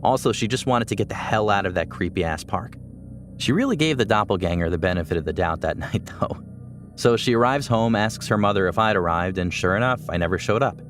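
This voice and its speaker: Deep-voiced man reading a listener story. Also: animated, fairly quick, over music. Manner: conversational narration with asides. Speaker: podcast host.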